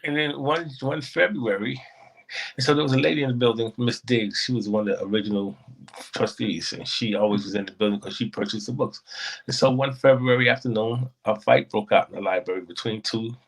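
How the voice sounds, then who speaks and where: A man telling a personal story as a guest, in an animated way that acts out the voices of the people in it. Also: mid-range voice, brisk, creaky, low-quality recording.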